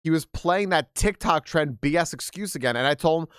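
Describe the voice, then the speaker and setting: A man streaming a game and reading stories aloud to his chat, his voice sitting a little high and swinging widely in pitch. He talks candidly and swears freely, dropping laughing asides as he goes. The sound is close and dry, with no room around it. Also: lively intonation, a little fast, few pauses, smooth, dry recording.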